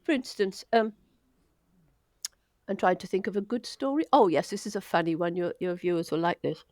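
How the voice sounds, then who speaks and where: A woman's voice: lowish voice, normal speed, a little mellow, no echo, clean studio sound. An older woman from Wales, a doctor telling stories in an interview, chatty and self-deprecating. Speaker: doctor, guest. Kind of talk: casual storytelling interview.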